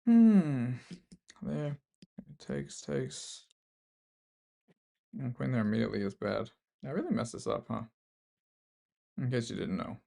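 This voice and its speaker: Speaking at a measured pace in a gravelly, darkish, medium-pitched voice with frequent pauses, an Australian man plays chess on a live stream. He mumbles his thoughts and talks with viewers between moves, casually poking fun at himself.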